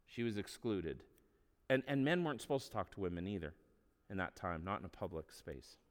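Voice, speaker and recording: A man's voice: low-pitched, expressive, a little fast, in a large hall. A man preaching a sermon in a conversational, humorous storytelling way. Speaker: pastor.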